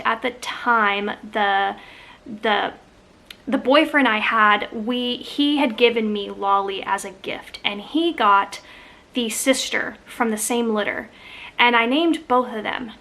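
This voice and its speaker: A woman's voice: fairly high pitch, sharp tone. A middle-aged woman, chatting casually in a vlog, rambling with fillers and restarts. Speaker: vlogger.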